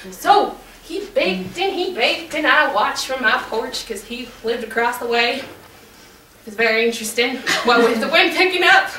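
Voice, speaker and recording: A woman storyteller telling a tale in character, playful and animated, teasing her audience, recorded from afar in an echoey room. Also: high voice, moderate pace. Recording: echoey room, distant mic, faint noise.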